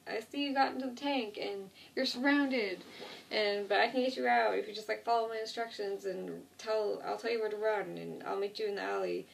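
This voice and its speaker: A woman voicing a quick-thinking young man who gives instructions over a radio, in a calm, instructive way, during a casual retelling. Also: medium pitch, gravelly, a little hiss or hum. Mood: reassuring. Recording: distant mic.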